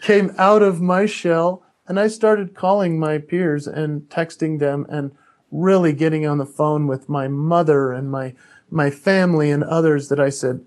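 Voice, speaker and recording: A man who's an author and speaker appears as a podcast guest, telling a personal story earnestly and candidly and often restarting his sentences. His voice is a little high and darkish in tone, unhurried, with fairly even intonation.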